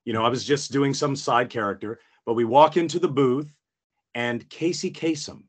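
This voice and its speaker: A man's voice: medium pitch, normal speed, slightly rough. A man who is a guest voice actor, chatting animatedly in an interview. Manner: animated, tells stories with quoted voices. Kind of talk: casual interview chat.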